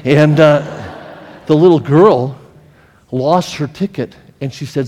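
A man's voice: on the high side, slow, darkish tone, long reverb tail. A male pastor preaching a sermon, telling a personal story with feeling and often repeating and restarting his phrases.

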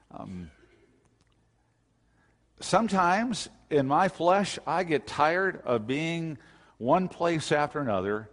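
A man preaching an expository sermon as a pastor, in an emphatic style that swells into loud bursts. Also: mid-range voice, big-room sound.

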